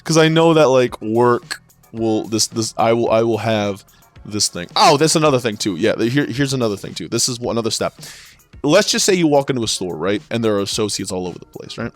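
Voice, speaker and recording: A man's voice: mid-range voice, expressive, brisk, soft background music. A man ranting about his years working in sales, exasperated and swearing as he rambles through stories and restarts. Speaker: former sales associate. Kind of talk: profane ranting monologue.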